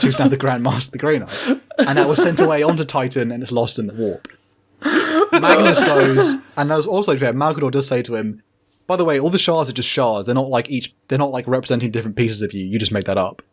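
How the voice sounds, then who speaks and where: Brief: male podcast host, mid-pitched, comedic recap, breaks into laughter and quick character bits. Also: lively intonation. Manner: jokey, laughing, acting out characters in quick paraphrase.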